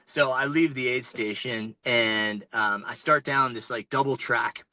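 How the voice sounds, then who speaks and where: A man in his forties from North Carolina, an ultrarunner telling race stories on a podcast in casual, animated fashion with lots of fillers and restarts, calling in from inside a truck. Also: mid-range voice, a little slow, dry recording, rough recording. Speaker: ultrarunner guest. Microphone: remote call-in.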